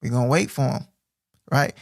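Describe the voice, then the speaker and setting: A man teaching scripture on a stream, reading verses slowly and then explaining them in casual street slang, often asking 'right?'. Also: mid-range voice, gravelly, no echo, studio quality. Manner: casual, repeats 'right?' and 'bro'. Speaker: Bible teacher.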